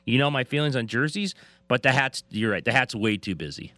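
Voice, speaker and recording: A man's voice: mid-range voice, expressive, fairly quick, sharp tone, no echo. A man co-hosting a casual sports chat, laughing often and trailing off mid-thought. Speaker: sports talk co-host.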